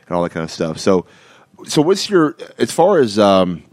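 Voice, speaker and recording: A man's voice: on the low side, wildly swooping pitch, moderate pace, darkish tone, no echo, studio quality. Laughing, rambling male podcast host. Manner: rambling storyteller, frequent restarts and laughter. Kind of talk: casual chat.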